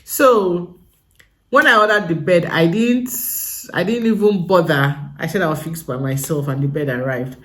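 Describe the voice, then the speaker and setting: A woman's voice: on the low side, measured pace, fairly bright tone. A young adult woman with a Nigerian English accent, giving casual advice in a vlog and driving home her points with emphatic repetition. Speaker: vlogger.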